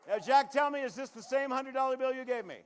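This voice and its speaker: A man's voice: extremely high pitch, smooth. A man performing a live comedy magic act on a showroom stage, cracking jokes and chatting with the crowd as he does tricks. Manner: joking, quick asides to the crowd.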